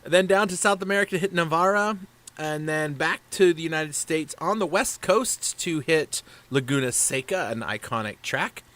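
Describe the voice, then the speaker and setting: A man's voice: fairly high pitch, expressive, moderate pace, fairly bright tone. A man hosting a casual live stream for a racing league, talking in a chatty, rambling way. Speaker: league race broadcaster.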